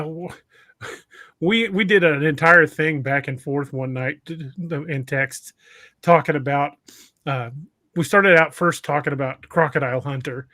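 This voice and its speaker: A man's voice: on the high side, a bit bright, dry recording, studio quality. A man hosting a podcast, chatting casually and chuckling as he remembers a friend. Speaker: podcast host.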